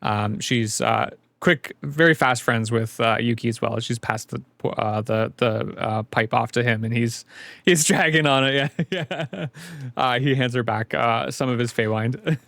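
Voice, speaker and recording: A man's voice: medium pitch, measured pace, gravelly, a bit bright, no room sound. A man narrating a tabletop game as game master, in a casual, rambling way full of fillers. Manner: casual, rambling, filler-heavy, laughs often.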